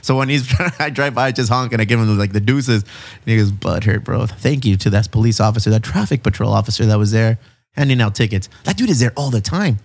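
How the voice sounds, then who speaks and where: A man, hosting a casual chat in a mid-range voice. He tells stories with animated, profane energy and throws in plenty of slang. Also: medium pitch, fast talker. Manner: animated, profane storytelling with lots of "bro" and "dude". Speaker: podcast host.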